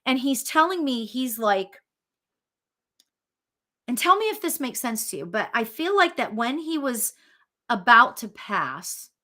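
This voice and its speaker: Woman medium, high and bright, gushing and rambling through a live reading. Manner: chatty, excitable, full of fillers and restarts. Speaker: psychic medium. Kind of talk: live spirit reading for viewers.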